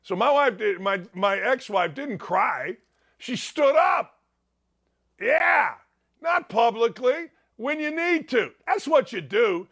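Brash high-voiced male sports talk host. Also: sing-song, slow pace, creaky, breathy edge. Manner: loud storytelling, swinging from low mutters to shouted outbursts. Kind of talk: opinionated sports talk monologue.

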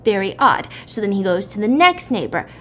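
A woman casually retelling a story, animated and acting out the characters' lines in raised voices. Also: medium pitch, fairly quick, a little hiss or hum.

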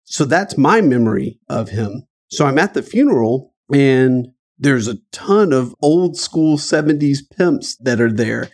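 A man's voice: animated, measured pace, few pauses, darkish tone. A middle-aged man from Dayton, Ohio, telling an emotional personal story as an interview guest. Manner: earnest, emotional, rising pitch at painful moments. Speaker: guest author.

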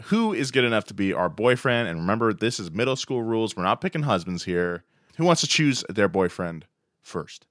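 Animated man co-hosting a podcast. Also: on the low side, fairly quick, dry recording, clean studio sound. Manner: animated, rambling with fillers. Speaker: podcast co-host. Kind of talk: casual chat.

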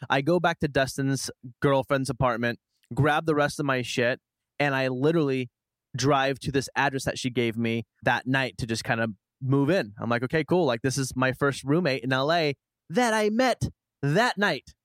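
A man casually telling a long personal story as a guest, chatty and animated, acting out what people said. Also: medium pitch, moderate pace, dry recording. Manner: chatty, animated retelling with quoted asides. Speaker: podcast guest.

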